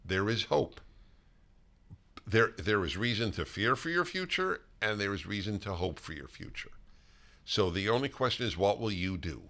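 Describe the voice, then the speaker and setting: Older man with a bright forceful voice. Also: on the low side, animated. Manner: emphatic, halting restarts. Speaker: host. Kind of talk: political talk show conversation.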